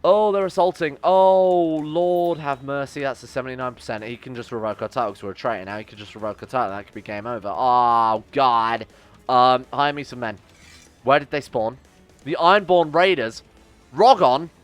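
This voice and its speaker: Exasperated gamer ranting. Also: male voice, mid-range voice, brisk, fairly bright tone, clear, resonant tone, faint music behind. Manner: exasperated, swearing, big swings between outbursts and grumbling. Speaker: game streamer. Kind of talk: let's play commentary.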